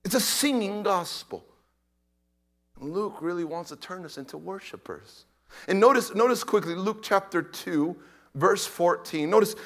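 A male preacher with a high-pitched voice delivers a dynamic sermon. He swings from loud, pleading cries down to near whispers. He repeats key words and phrases again and again for emphasis. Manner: dynamic, swinging from shouted pleas to hushed whispers.

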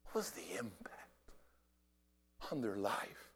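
A man preaching a sermon, telling a story with big swings from shouting to near whispers and a habit of repeating his words as he starts. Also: on the low side, very animated, slow pace, breathy edge.

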